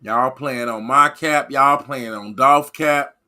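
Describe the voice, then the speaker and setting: A man's voice: medium pitch, slow, bright, forceful tone. A man hosting a livestream and talking to his chat in a rambling, repetitive, fired-up way. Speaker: livestream host reading chat. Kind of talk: casual livestream rant.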